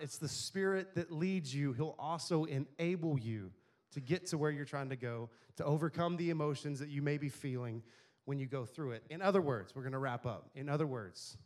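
A man's voice: fairly high pitch, normal speed, darkish tone. A middle-aged male pastor preaching a sermon in a conversational way, often asking the congregation questions.

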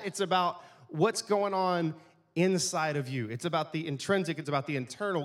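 Pastor, male, light high voice, chatty sermon delivery with frequent tag questions.

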